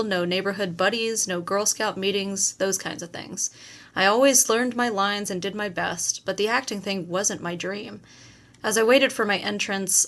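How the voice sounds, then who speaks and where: A woman narrating a first-person novel as an audiobook, telling it expressively. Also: mid-range voice. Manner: expressive storytelling with acted quotes.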